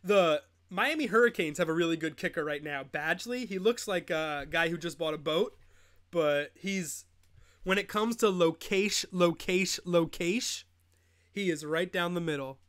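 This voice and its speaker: A man's voice: sits high, normal speed, fairly bright tone. A young man in his twenties hosting a live fantasy football stream, rambling and joking in casual chat, laughing often. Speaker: host.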